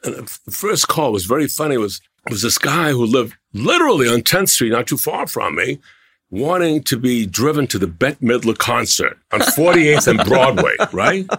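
An older man, a guest on a talk show, telling long, animated anecdotes about his own past. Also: medium pitch, normal speed, husky, dry recording, studio quality. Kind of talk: anecdotal storytelling.

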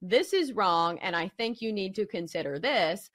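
A woman's voice: medium pitch, expressive, moderate pace, a bit bright. A woman hosting a sports betting show, arguing her point with emphasis. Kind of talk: opinion commentary.

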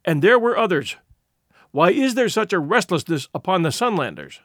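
A man voicing an aggrieved village elder who complains slowly and emphatically in a storybook reading. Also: sits high, big pitch swings, a bit bright, no echo, clean studio sound, full character voice. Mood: petulant. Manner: complaining, slow emphatic delivery. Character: aggrieved older male village elder, petulant.

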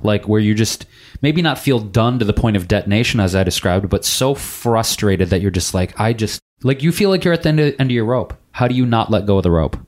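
A man's voice: fairly low pitch, animated, fairly quick, darkish tone. A man hosting a casual podcast interview, talking bluntly, swearing freely and stacking several questions at once. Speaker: podcast host.

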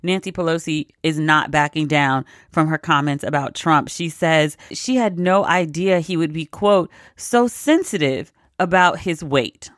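Sarcastic low-voiced woman commentator. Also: measured pace, hardly any pauses, no room sound, studio quality. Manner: sarcastic, laughs often, profane. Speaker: commentary vlogger. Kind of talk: casual news commentary.

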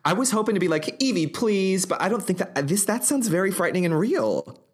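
A man co-hosting a casual podcast chat, reacting with dramatic, expressive remarks. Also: sits high, fast talker, slightly rough. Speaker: podcast co-host.

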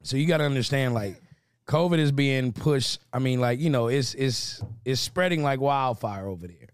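A young man co-hosting a podcast, telling stories in loose casual banter and slipping into quick impressions. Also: medium pitch, clean tone. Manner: loose storytelling, jumps into impressions. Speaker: podcast co-host.

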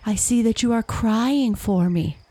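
A woman's voice: little pitch movement, moderate pace, creaky, darkish tone, slightly rough, dry recording. A woman voicing a desperate male wolf who begs his false friend to save him. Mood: pleading. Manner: pleading, high and strained. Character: pleading desperate male wolf, trapped and begging.

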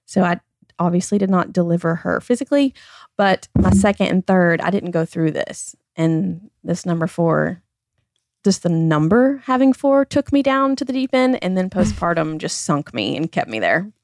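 A woman's voice: lowish voice, animated, normal speed, darkish tone, no echo, studio quality. A woman in her thirties who talks earnestly in a candid personal conversation as a podcast guest, often saying "like" and "I feel like.".

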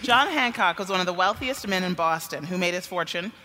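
A man telling a made-up comic story as a quiz panelist, in a deadpan way. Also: high voice, a little fast, long reverb tail, noisy background. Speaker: comedy panelist.

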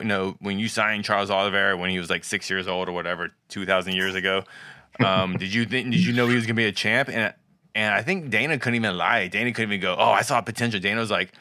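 A man's voice: lowish voice, fast, clean tone, dry recording, clean studio sound. A young man co-hosting a casual sports podcast, telling stories with laughs. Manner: laughing, animated storytelling. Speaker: podcast co-host.

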